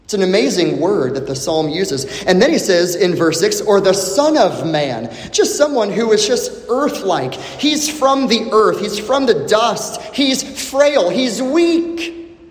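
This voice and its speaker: Expressive preacher man in an echoey hall. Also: high-pitched. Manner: expressive, dramatic pauses, repeats questions for emphasis. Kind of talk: sermon. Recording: echoey hall with long reverb.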